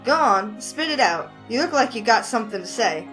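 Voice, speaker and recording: A woman's voice: a little high, expressive, brisk, a bit bright, faint music behind. Woman doing Ted, a polite Southern drawler. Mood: composed. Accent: Southern US (Alabama). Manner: formal, drawling, defensive. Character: polite young Southern man, proud and touchy. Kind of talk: reading a visual novel aloud.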